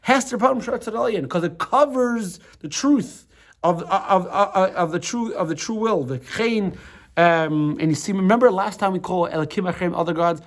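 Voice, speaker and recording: With a high voice at normal speed, a middle-aged American rabbi teaches an informal class. He speaks conversationally and loosely, repeating words, restarting sentences, and checking with listeners by asking "right?"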